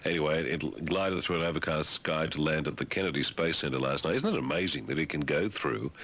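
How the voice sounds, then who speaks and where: A man's voice: very deep voice, brisk, a bit bright. A man hosting talk radio, reading news items and breaking off into wry, rambling, sardonic asides. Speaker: radio host.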